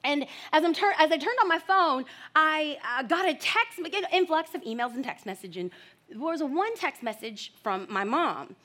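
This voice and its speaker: A young adult woman delivers a sermon with a high, bright voice. She tells her stories in an animated way and breaks into loud, excited shouts, then comes back down to teach from scripture. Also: normal speed. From United States. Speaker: preacher.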